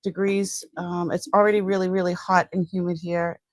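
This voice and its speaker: Speaking at a normal speed in a fairly low, level voice, a middle-aged Massachusetts woman with a Boston accent hosts a casual live-stream from her home, standing indoors by a counter. She's a live-stream seller, chatting and rambling while greeting viewers by name.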